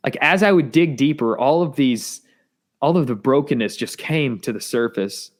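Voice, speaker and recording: A man earnestly telling a personal testimony in an interview, halting and repeating words, his voice rising as he gets intense. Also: mid-range voice. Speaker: guest sharing testimony.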